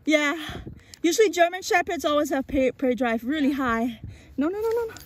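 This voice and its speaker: A woman vlogging in a sunny park with her parrots, talking in a bubbly, excitable way. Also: sits high, moderate pace. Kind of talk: casual outdoor vlog.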